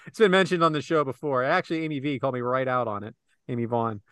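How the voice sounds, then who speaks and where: A man's voice: medium pitch, fast talker, clean tone, no room sound. A man hosting a casual podcast chat, recapping a match play by play and calling on his co-hosts by name. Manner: animated, calls on co-hosts by name. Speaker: podcast host.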